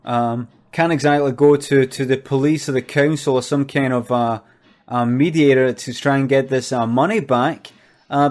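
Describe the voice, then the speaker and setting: A Glaswegian man playing a boastful, foul-mouthed business boss in a rambling comedy monologue full of hesitant fillers that breaks into furious shouting. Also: mid-range voice, lightly acted. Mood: grudging, rambling.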